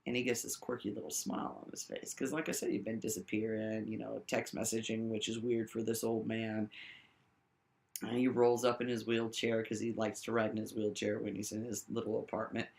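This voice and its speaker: A woman telling a rambling personal story to the camera, swinging between high exclaims and low mutters and often checking in with the listener. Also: flat delivery, a little fast, vocal fry, a little mellow. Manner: keeps checking in with the listener with "right?".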